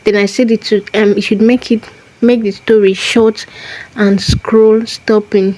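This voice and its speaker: A woman's voice: medium pitch, level tone, a little slow, warm tone, rough recording. A woman hosting a screen tutorial, walking through each step methodically and repeating key phrases as she goes. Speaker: tutorial host.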